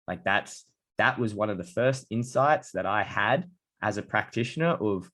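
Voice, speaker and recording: A man's voice: fairly low pitch, fairly quick, a bit bright, no room sound. A man hosting a podcast interview, telling stories in a casual, enthusiastic way. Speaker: podcast host. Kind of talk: conversational interview.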